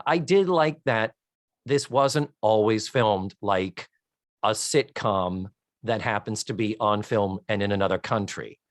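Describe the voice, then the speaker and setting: Man, podcast co-host, casual chat, expressive pitch, dry sound. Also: dry recording.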